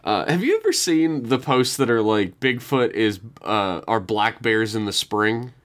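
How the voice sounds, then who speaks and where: A man hosting a podcast in casual chat, with wry, deadpan jokes. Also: lowish voice, measured pace. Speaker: podcast host.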